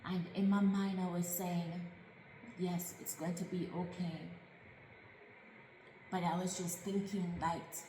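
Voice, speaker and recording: A woman's voice: fairly low pitch, little pitch movement, takes it slowly, pauses often, mellow, reverberant, big-room sound, a little hiss or hum, poor audio. A woman earnestly recounting her own life story, reflective and emotional. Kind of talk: personal life story narration.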